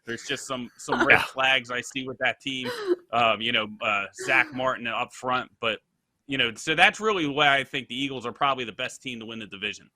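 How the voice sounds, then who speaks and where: A man as a guest analyst, breaking down a football schedule in a measured way. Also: medium pitch, bright, forceful tone, no echo. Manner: measured, breaks down a schedule with "you know" fillers. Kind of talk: analytical sports talk.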